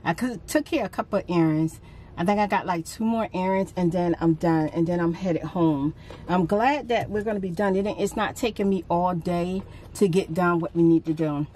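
A middle-aged woman vlogger telling a casual story, relaxed with sighing pauses, her voice jumping up when she acts out what others said. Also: slight background noise. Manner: animated retelling, pitch jumps up for quoted speech.

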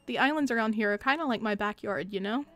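A woman voicing a cheerful, proud young male monkey guide in a bright, eager way. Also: on the high side, quick pace, faint music behind, lightly acted.

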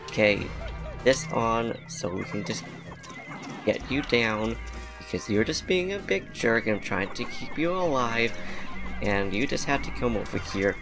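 A man with a low, gravelly voice talks casually through a playthrough, rambling and laughing often. His speech is loose and slangy, as if chatting with friends, and he uses a desk mic. Game music plays clearly behind him. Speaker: let's play commentator. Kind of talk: casual gameplay commentary.

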